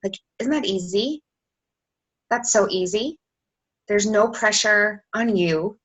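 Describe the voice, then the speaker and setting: A woman in her thirties giving casual coaching talk on a team call, chatty and quick, full of "like" and acted-out quoted messages. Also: medium pitch, a bit bright, muffled recording. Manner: fast, chatty, lots of "like", acts out quoted messages.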